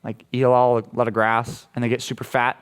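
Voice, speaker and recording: A man with an American accent preaching a casual, playful sermon to junior high students, often checking in with questions. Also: completely flat delivery, fairly quick, clean tone. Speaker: junior high youth pastor. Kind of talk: youth sermon.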